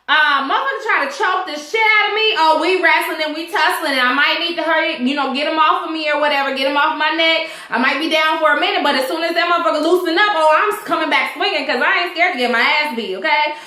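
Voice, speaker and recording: A young woman recapping a TV episode in a casual, profane, animated vlog, acting out the characters' lines as she goes. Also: high voice, roomy sound. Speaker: TV show reviewer.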